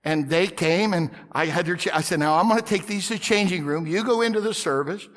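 Preacher guy spinning a story in his sermon, kinda high voice, gets loud then drops to a whisper. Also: a little fast. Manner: animated, swinging from loud outbursts to hushed whispers. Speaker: pastor.

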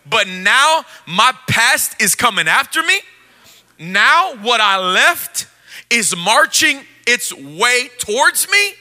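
Expressive and a little slow, a pastor delivers his sermon in a high, very bright voice. He starts out playful, voicing the characters in the scene, and then turns quietly intense.

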